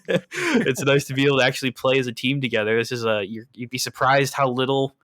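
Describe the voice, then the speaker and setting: A man's voice: medium pitch, lively intonation, fairly quick, fairly bright tone, no echo, studio quality. A man, a caster and admin, chatting in a laid-back, rambling way on a livestream. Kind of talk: casual stream chat.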